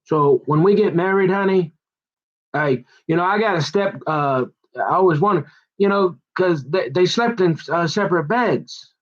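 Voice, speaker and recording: A man's voice: high voice, lively intonation, normal speed, muffled recording. A middle-aged man rambling in casual, digressive chat with folksy turns of phrase. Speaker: vlogger.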